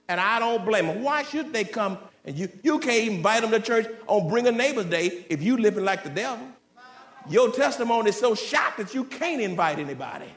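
A man preaches a fiery sermon, his high voice leaping up into shouts and then sinking into slow, heavy warnings. He talks straight at the congregation in a folksy way. The sound rings around a roomy church sanctuary. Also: animated. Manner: preaching with sudden shouted climbs and drops to low, slow warnings; folksy, direct address to the congregation. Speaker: pastor.

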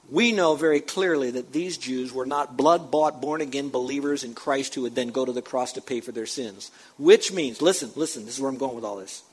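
A male pastor preaching an emphatic sermon, repeating words for stress and swinging between loud and soft. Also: fairly high pitch. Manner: emphatic, repeats for stress, rises and drops loudness.

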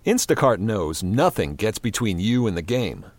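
A man's voice: fairly low pitch, big pitch swings, normal speed. A man reading a radio commercial in an upbeat, selling voice. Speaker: ad announcer.

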